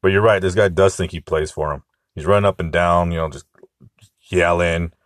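Male sports podcast host, deep voice, opinionated rambler, dry close-mic sound. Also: fairly even intonation, moderate pace, no echo. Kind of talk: casual solo sports talk.

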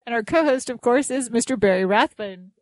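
A woman's voice: a little high, expressive, a little fast, no echo. A woman hosting a casual podcast chat, chatty and laughing often between her lines. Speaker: podcast host.

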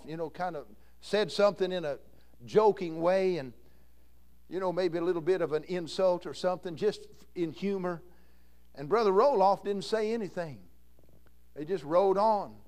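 A man preaching a sermon as an evangelist, telling stories and swinging from hushed, slow lines to loud, drawn-out shouts. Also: sits high.

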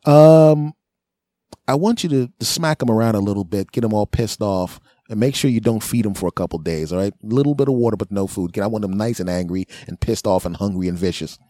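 A man's voice: on the low side, fast talker, few pauses, no echo, studio quality. Rambling man telling a comic story. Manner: rambling, animated, acts out voices. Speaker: comedian podcast host.

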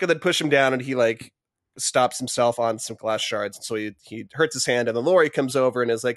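Guy on a podcast swearing and laughing through a movie recap, mid pitch, dry mic. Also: a little fast, no echo. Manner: profane, laughing, acts out scenes. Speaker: podcast co-host. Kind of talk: casual chat, recapping a film.

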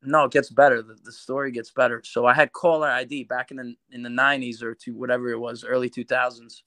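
A man from New York, a podcast guest telling a long story in casual, animated talk, swearing a lot. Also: medium pitch, fast, dry recording. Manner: animated, swears a lot, acts out quoted voices.

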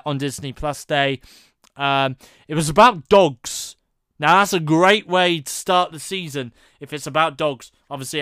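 A British man chatting on his own podcast, rambling and relaxed with plenty of ums. His voice is a little high for a man and very smooth and clear. The sound is dry and close. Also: no room sound. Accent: British English. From Britain. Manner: rambling, conversational, lots of fillers. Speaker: podcast host. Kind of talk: casual solo podcast chat. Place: at home at his computer with his dog.

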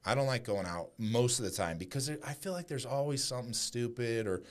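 A young man tells brash, profane stories in a casual podcast chat. His pitch swings widely as he talks, from low mutters up to sharp peaks. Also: lively intonation, fairly quick. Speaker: podcast guest.

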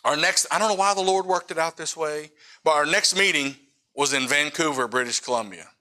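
Bright-voiced man telling a sermon story. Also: a little high, brisk. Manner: casual storytelling with frequent asides to the audience. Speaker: missionary preacher. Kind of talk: sermon testimony.

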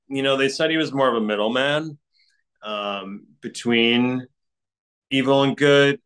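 A man's voice: on the low side, a bit bright, poor audio. A man, an actor being interviewed, talking casually and rambling with many fillers and frequent laughs. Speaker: actor guest.

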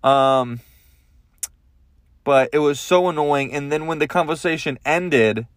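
A man's voice: on the high side, unhurried, dry recording, clean studio sound. A man hosting a comedy podcast, ranting crudely in a rambling monologue with lots of swearing. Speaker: podcast host.

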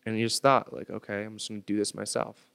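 A young man in his twenties, a podcast guest, telling a story in casual slangy talk, getting loud when he acts out his anger. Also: on the low side, flat delivery, fast, creaky. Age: 20s.

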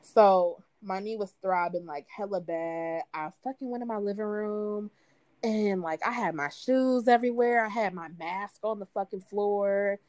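A woman in her twenties casually telling a party story, animated and laughing, acting out what people said in a higher voice. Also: a little slow, no echo. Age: 20s.

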